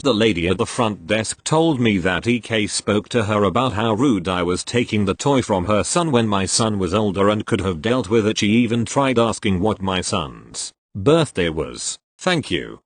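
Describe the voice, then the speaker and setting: A man's voice: fairly low pitch, lively intonation, normal speed, few pauses, no room sound. A man reading online posts aloud as the regular narrator, dropping his voice for names and labels. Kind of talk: scripted narration.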